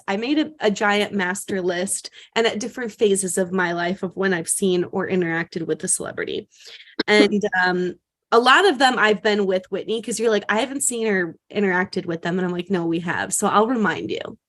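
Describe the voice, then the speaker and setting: A woman's voice: mid-range voice, fairly bright tone. A woman co-hosting a podcast, chatting casually with lots of "like" and "um" and restarting her sentences. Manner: chatty, many fillers and restarts. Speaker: podcast co-host. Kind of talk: casual chat.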